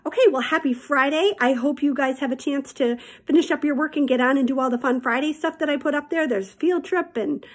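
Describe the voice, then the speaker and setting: A woman's voice: sits high, a little fast, hardly any pauses. A woman teacher telling her students a personal story in a chatty, candid way and calling them friends.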